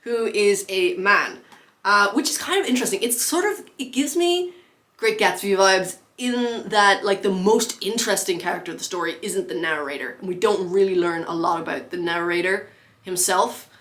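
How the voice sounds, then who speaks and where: Young adult woman, book vlogger, casual and chatty, full of fillers and quick laughs. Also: medium pitch, fairly bright tone.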